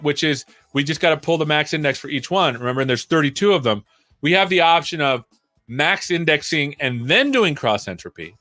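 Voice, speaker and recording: A man's voice: on the high side, pushed and bright, no echo. Male coder explaining while he thinks aloud. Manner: thinks aloud, rambling, frequent "right?". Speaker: livestream coding host. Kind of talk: live coding tutorial.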